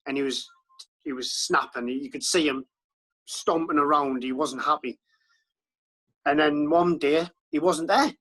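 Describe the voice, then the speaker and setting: Brief: male interview guest, higher-pitched, wry and incredulous in tone. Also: measured pace, long pauses, a bit bright, poor audio. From Britain. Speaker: podcast guest. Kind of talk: conversational recollection.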